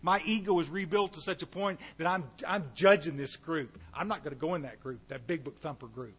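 A middle-aged man, giving a folksy personal testimony to a recovery meeting, with asides to the audience and bursts of animated volume. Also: a little high, fairly quick, slightly rough. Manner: shifts between quiet and loud animated bursts.

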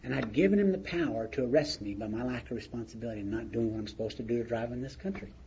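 A man's voice: medium pitch, racing, warm tone. Plain-spoken man telling a story, lo-fi. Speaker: speaker sharing his recovery story. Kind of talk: recovery meeting share. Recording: muffled lo-fi recording with faint noise.

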